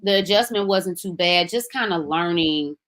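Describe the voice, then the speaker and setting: A woman from Memphis with a Southern accent, a podcast guest telling her story in a relaxed, conversational way. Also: on the low side, moderate pace. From Memphis, Tennessee. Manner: relaxed, conversational, animated when quoting others. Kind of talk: casual storytelling interview.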